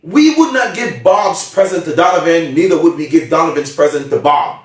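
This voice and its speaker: A man's voice: on the high side, moderate pace. Emphatic man speaking in an echoey room. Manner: emphatic, checks in with the audience often. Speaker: motivational speaker. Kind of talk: seminar talk. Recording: very echoey room, far from mic.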